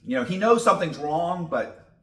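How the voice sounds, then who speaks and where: A man's voice: high-pitched, animated, moderate pace, sharp tone, far from the mic. A man telling a story as a podcast guest, casual and blunt, swearing freely. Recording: roomy echo.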